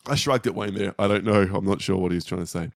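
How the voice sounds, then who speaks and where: A man's voice: fairly low pitch, gravelly, no room sound, clean studio sound. A man co-hosting a movie podcast, reading listener feedback in a wry, casual way. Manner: brisk, wry, laughs easily. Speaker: podcast co-host.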